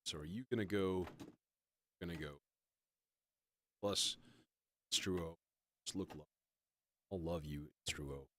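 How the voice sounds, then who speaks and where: A man with a very deep voice hosts a relaxed livestream, rambling as he works and mocking himself, with the odd curse thrown in. The recording is dry and close, with no room sound. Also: slow pace, long pauses, dry recording. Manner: rambling, self-mocking, swears often. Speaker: livestream host building a modular synth. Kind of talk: casual livestream chat while working.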